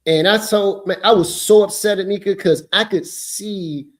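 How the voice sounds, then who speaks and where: A man in his fifties, a podcast host telling a story in an emphatic, animated way. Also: high-pitched, moderate pace.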